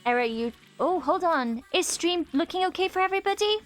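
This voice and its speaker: A woman's voice: very high voice, lively intonation, fairly quick, faint music behind. A woman in her twenties chatting casually on a live stream while she plays, reading chat aloud and laughing often. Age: 20s.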